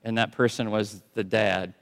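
A man preaching a sermon in a conversational way, often dropping to soft, intense tones. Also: medium pitch. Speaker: pastor. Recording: long church reverb.

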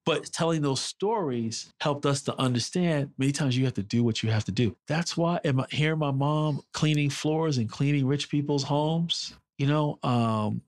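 Earnest middle-aged man telling family stories. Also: a little high. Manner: earnest, halting, repeats words when moved. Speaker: interview guest. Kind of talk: emotional personal storytelling.

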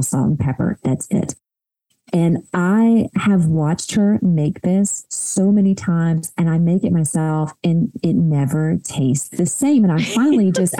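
A woman in her thirties with a deep, mellow voice, recorded with poor audio but no echo, tells a heartfelt personal story as a podcast guest. She's reflective and often repeats words while gathering her thoughts.

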